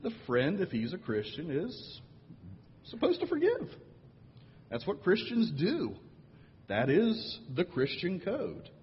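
A man's voice: high voice, huge pitch swings, takes it slowly, long pauses, slight background noise. A man who is a pastor, telling a story in a sermon with acted quotes and dry humor. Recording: dull audio with long hall reverb.

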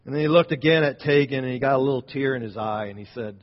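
Guy giving a sermon, goes loud then soft, dull echoey church-hall recording. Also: medium pitch, quick pace, few pauses. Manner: storytelling, rising and falling in volume. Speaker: preacher. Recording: dull sound in a reverberant hall.

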